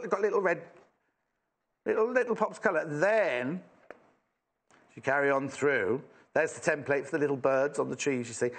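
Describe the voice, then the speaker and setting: A man's voice: on the high side, a bit bright. A man from England presenting a live sewing shopping show, chatty and enthusiastic with self-mocking asides. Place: TV studio.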